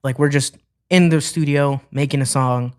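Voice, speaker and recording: A man's voice: mid-range voice, moderate pace. A young man from Ohio, a musician guest, telling stories casually in an interview and acting out what people said. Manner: animated, acts out quoted dialogue.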